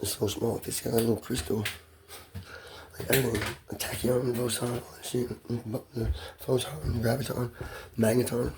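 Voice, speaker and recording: A man's voice: mid-range voice, a little mellow, slight background noise. Rambling, profane man musing aloud. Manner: loose, profane, stream-of-consciousness musing. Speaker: solo monologue speaker. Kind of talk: rambling self-recorded monologue.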